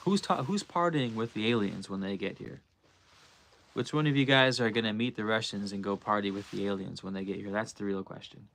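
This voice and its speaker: Male streamer with a fairly low voice, laid-back slangy chatter, thinking out loud to chat. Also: fairly quick. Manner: loose and slangy, musing aloud. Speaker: livestream host. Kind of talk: casual livestream chat.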